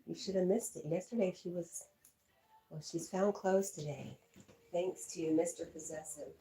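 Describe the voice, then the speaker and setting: A middle-aged woman hosting a livestream from home on a laptop mic. She chats casually, reads viewer comments aloud and laughs often, clearly amused by herself. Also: fairly low pitch, fairly even intonation, normal speed, dark tone, poor audio. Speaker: livestream host.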